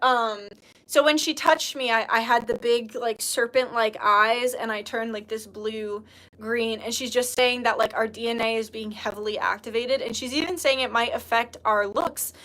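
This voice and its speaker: A woman talking in a casual, rambling livestream chat as a spiritual channeler, full of fillers and excited exclamations. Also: fairly high pitch.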